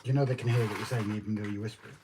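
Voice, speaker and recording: A man's voice: on the low side, fairly even intonation, racing, very noisy. A man co-hosting a casual home live stream, full of jokey banter. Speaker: co-host.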